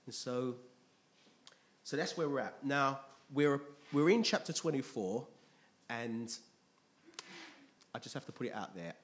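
A man preaching to his congregation in a relaxed, chatty way, his voice sitting at an ordinary middle pitch. He keeps turning to the room with little questions as he reads scripture and explains it. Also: a little slow, long pauses. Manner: chatty, checks in with congregation often. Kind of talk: conversational sermon with Bible reading. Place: church.

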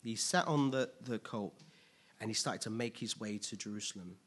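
A man preaching a sermon, asking rhetorical questions, making playful asides and building to loud, emphatic peaks. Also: fairly low pitch, moderate pace, slightly rough. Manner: casual asides with playful humor.

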